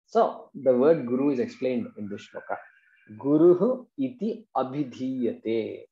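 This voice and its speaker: A man's voice: medium pitch, expressive, measured pace, creaky, mellow. A man, patiently explaining Sanskrit verses in a class and checking in with his students. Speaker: Vedanta teacher. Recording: dull, roomy classroom recording.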